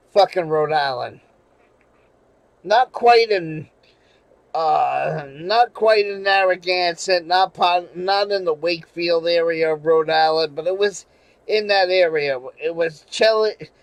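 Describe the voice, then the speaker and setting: A man with a notably high voice tells a long, rambling story on his channel, swearing freely and breaking into laughter as he goes. The sound is close and dry, with no room around it. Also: no room sound, poor audio. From New England. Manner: rambling, profane, laughing often, with many restarts. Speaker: channel host. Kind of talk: casual storytelling livestream.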